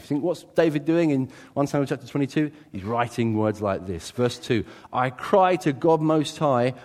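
A man preaching a sermon as a pastor, animated, swinging from loud exclamations to quiet asides. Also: mid-range voice. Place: church. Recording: reverberant church hall.

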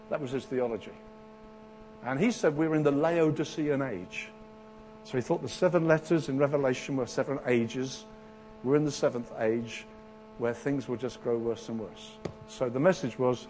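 A man preaching a sermon in a church, animated, acting out the voices of people in Bible stories. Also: fairly high pitch, normal speed, a little hiss or hum. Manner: animated, acts out Bible voices with rising intensity.

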